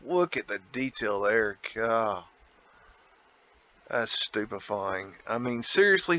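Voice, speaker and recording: A man's voice: lowish voice, animated, takes it slowly, pauses often, pushed and bright, dry recording, highs cut off. A man talking casually over a photo slideshow as host, musing aloud, laughing and rambling. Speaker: vlog host.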